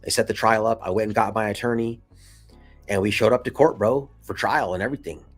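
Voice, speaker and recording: A man's voice: fairly low pitch, steady tone, brisk, breathy edge, soft background music. A man in his thirties casually telling a personal story straight to camera, full of slang and swearing, with laughs between lines. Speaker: vlogger.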